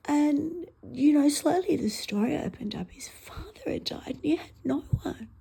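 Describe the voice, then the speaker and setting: A middle-aged woman with an Australian accent does stand-up, telling rambling stories and swearing freely, swinging between loud outbursts and murmured asides. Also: high-pitched, lively intonation, moderate pace, vocal fry, hardly any pauses. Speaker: stand-up comic. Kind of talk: stand-up storytelling.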